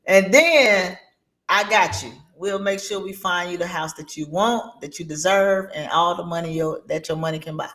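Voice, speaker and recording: A woman guest, a real estate agent, making a confident, casual pitch to listeners. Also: normal speed, fairly bright tone.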